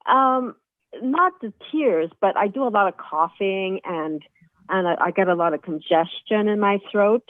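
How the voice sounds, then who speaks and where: A woman from Canada calling in to a radio show, speaking hesitantly with many pauses. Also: mid-range voice, no echo. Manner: hesitant, with many ums and repeated words. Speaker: caller. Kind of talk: call-in question. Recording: dry, tinny phone line.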